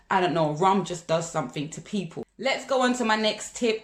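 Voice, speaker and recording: A Jamaican woman vlogging casual, direct advice to viewers, calling them guys. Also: fairly low pitch. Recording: echoey room.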